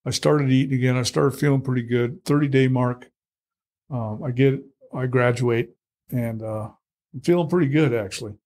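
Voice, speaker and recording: A man's voice: mid-range voice, normal speed. A man in his sixties, an interview guest, candidly telling his story in a blunt, salty way and acting out the quotes. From United States. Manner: blunt, salty, animated retelling with acted quotes.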